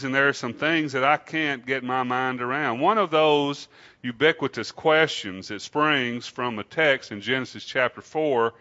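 A man preaching a sermon to his congregation in an unhurried, conversational way, often asking them questions. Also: medium pitch, sharp tone, muffled recording. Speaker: pastor.

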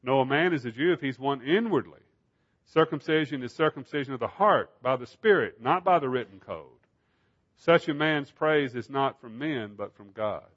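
A man's voice: medium pitch, expressive, moderate pace, a bit bright, highs cut off. A man preaching a Bible study sermon in an emphatic style, asking rhetorical questions.

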